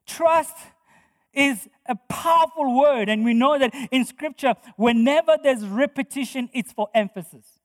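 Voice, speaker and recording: High-voiced male preacher in a reverberant hall. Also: measured pace, fairly bright tone. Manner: emphatic preaching with repeated phrases. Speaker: pastor. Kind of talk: sermon.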